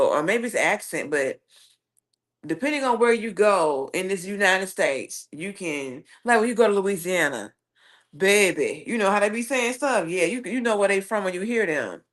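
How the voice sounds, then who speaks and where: Livestream host: woman with a Southern accent, sassy and animated, mid-range pitch, chatting off the cuff. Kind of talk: casual livestream chat, reading viewer comments.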